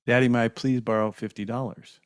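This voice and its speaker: A man reading out the lines of a little boy who gently pleads with his father. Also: medium pitch, little pitch movement, a little fast, clear, resonant tone, no room sound, clean studio sound, close to an everyday voice. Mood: pleading.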